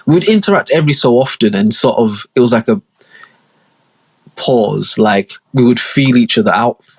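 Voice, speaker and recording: A man's voice: mid-range voice, lively intonation, normal speed, husky. A young man, hosting a podcast and telling long, rambling stories in casual slang, with many asides. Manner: slangy, rambling, full of asides and acted-out quotes. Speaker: podcast host. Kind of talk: casual storytelling monologue.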